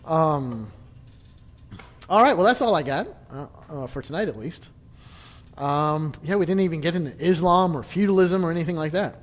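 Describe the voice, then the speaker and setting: Man, church history class leader, casual joking talk, somewhat high voice, lots of restarts. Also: animated, normal speed, in a large hall. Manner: chatty, joking, frequent restarts and laughs.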